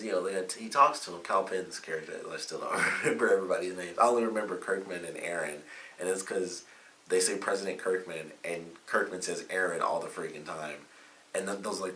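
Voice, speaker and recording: A man with a low, sharp-toned voice gives a chatty, rambling review of a TV episode, loaded with fillers. He's far from the mic in an echoey room, and a faint hiss runs underneath.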